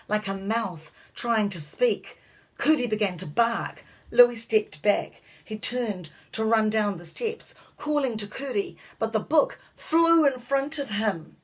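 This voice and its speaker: A woman reading a children's storybook aloud, her voice breathy and soft-edged. Her pitch sits mid-range. She reads in a measured, expressive way. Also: low-quality recording. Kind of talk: scripted storybook narration.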